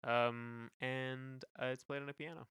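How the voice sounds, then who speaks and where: A man's voice: medium pitch, little pitch movement, unhurried, fairly bright tone, clean tone, no room sound, clean studio sound. A young man co-hosting a casual music podcast, talking hesitantly with lots of fillers and restarts. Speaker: podcast co-host. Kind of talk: casual chat reviewing music.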